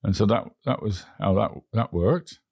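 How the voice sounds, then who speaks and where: Gravelly English man telling stories. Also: lowish voice, moderate pace, darkish tone, no echo, studio quality. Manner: rambling, frequent restarts. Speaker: interview guest. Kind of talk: anecdotal storytelling.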